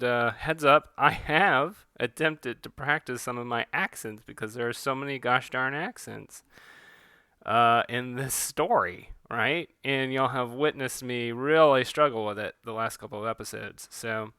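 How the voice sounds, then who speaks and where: A man's voice: medium pitch, bright, forceful tone, clean tone, dry recording. A man reading his own comic and giving casual commentary, folksy and self-deprecating, recorded close and dry.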